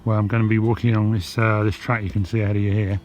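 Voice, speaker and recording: A man talking casually to his camera while hiking over hills outdoors, relaxed and chatty, sometimes out of breath from the climb. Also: fairly low pitch, fast talker. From England. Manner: relaxed, chatty, thinking aloud with fillers. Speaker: hiking vlogger. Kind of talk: casual walking commentary to camera. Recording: dull lo-fi sound with music behind. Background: background music.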